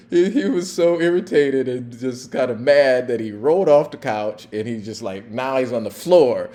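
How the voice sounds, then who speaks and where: A middle-aged man, a former police officer hosting a podcast, tells stories in a relaxed, chatty way with lots of fillers. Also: medium pitch, normal speed. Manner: relaxed and chatty with many fillers, laughing at his own story. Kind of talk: casual storytelling.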